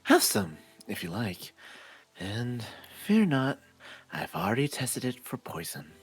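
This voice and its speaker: A woman doing a kind, soft-spoken young gentleman from a visual novel, with a lowered, husky voice. His pitch moves in a lively, expressive way, and faint game music plays behind him. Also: slow, no room sound, heavily acted. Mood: courtly, kindly. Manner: formal, soft-spoken and reassuring. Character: gentle, courtly young man, kind and soothing. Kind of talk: voicing a visual novel character on stream.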